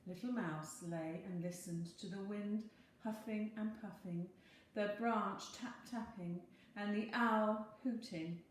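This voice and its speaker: A woman teacher reading a picture book aloud in a slow, expressive storytelling voice. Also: medium pitch. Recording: very echoey room, faint hum.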